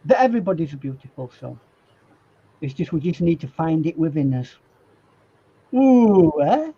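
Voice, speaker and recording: A man's voice: fairly high pitch, fairly quick, creaky, breathy edge, muffled recording. A man with a Yorkshire accent giving a live watercolor demonstration, joking and rambling as he paints. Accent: Yorkshire English. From Yorkshire, England. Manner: jokey, rambling, laughs often. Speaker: guest artist demonstrating watercolor. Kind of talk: live painting demo chat.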